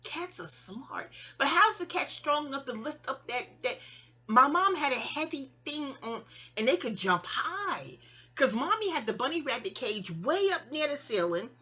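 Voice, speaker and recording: This middle-aged New York vlogger's voice sits high and sing-song, bright and forceful, at a normal speed. In a casual storytelling monologue, she tells a memoir story about herself, rambling and digressing with fillers and restarts.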